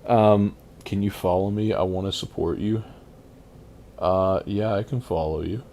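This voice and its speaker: A man's voice: low voice, measured pace, dark tone, a little hiss or hum. A man streaming a game, chatting casually and rambling as he reads and answers his chat.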